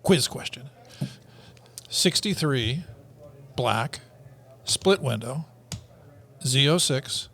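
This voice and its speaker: A man's voice: mid-range voice, animated, drawn-out words, pauses often, fairly bright tone. A man co-hosting a casual podcast chat, reading out car prices and quizzing the others. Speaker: podcast co-host.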